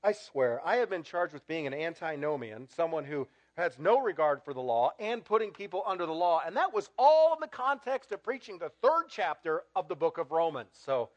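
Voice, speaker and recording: A man preaching a sermon as pastor, getting animated and building to loud, emphatic peaks. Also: on the high side, moderate pace, few pauses, lo-fi sound.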